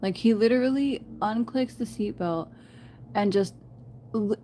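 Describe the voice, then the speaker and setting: A woman's voice: a little high, a little slow, dark tone, slight background noise. Chatty woman giving a spiritual reading. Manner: chatty, laughs often, addresses viewers as "you guys" and "y'all". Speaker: tarot reader. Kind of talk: casual spiritual reading to camera.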